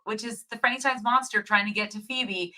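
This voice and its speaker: A woman co-hosting a casual movie review chat, retelling the plot in a lively way and laughing often. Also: fairly high pitch, fairly quick.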